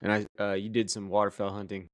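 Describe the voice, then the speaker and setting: A man's voice: on the low side, monotone, fast, no echo. A man hosting a casual interview, asking brief, easygoing questions. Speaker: podcast host.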